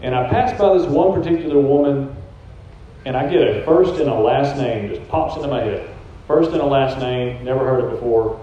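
A man shares a personal testimony in an earnest, conversational way. His voice is mellow and mid-pitched. The sound is very echoey and a bit dull, as if taken from a church room. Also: normal speed, a little hiss or hum. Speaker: church prophetic team leader sharing testimony. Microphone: handheld microphone.

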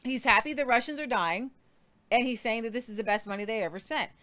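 A woman's voice: on the high side, fast talker, fairly bright tone. Earnest woman hosting news talk. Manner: earnest, preachy, stumbles over names. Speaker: news show host. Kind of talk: casual news commentary with faith talk.

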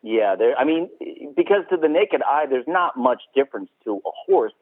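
A man's voice: medium pitch, lively intonation, normal speed, no room sound. A man hosting a podcast in casual chat, swearing freely, laughing often and acting out quotes. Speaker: podcast host. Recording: tinny phone-like sound.

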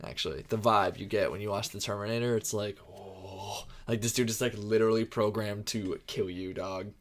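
A man's voice: fairly low pitch, moderate pace, slight background noise. A man co-hosting a podcast in casual chat, laid-back and full of slang. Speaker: podcast co-host.

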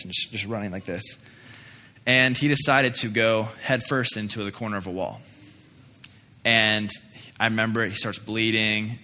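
A man's voice: fairly low pitch, sharp tone. A young adult man preaching a sermon as pastor, earnest and emphatic, often repeating himself for weight, then leading a prayer. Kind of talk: sermon with personal story and prayer. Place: church sanctuary. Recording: echoey hall, faint noise.

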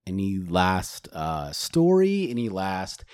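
A woman's voice: very deep voice, sing-song, slow pace, darkish tone, dry recording, clean studio sound. A woman hosting a podcast in casual chat, cutting in with teasing jokes. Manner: teasing, jokey interjections. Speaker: podcast host.

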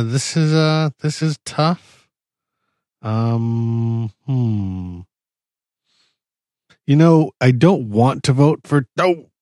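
A man on a casual panel, weighing his votes in a deliberate, dry way. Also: medium pitch, darkish tone, no room sound.

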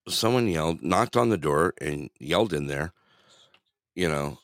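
Deep-voiced laughing man. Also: normal speed, no room sound, clean studio sound. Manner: laughing storyteller, animated. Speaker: radio show co-host. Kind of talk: casual chat show banter.

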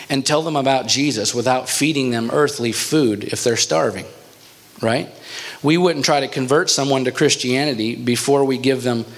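A man, a church pastor, telling a story in a sermon in an animated, storytelling way. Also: medium pitch, slight background noise.

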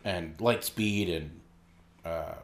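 A man's voice: low-pitched, very slow. A man co-hosting a podcast in casual, joking chat, laughing often and talking animatedly. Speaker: podcast co-host.

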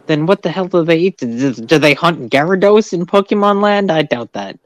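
A man joining a casual podcast chat, loud and animated as he argues a point. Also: fairly high pitch, moderate pace, dry recording. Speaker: podcast co-host.

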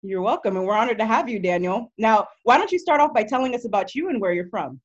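A woman hosting a podcast, reading a prepared introduction briskly and then interviewing her guest. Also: a little high, expressive, lo-fi sound. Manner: brisk, reads from a prepared script. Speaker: podcast host.

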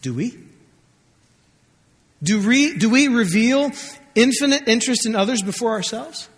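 A man's voice: very high voice, animated, a little slow. A man preaching a sermon as pastor, conversational and joking, acting out scripture quotes. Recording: long hall reverb.

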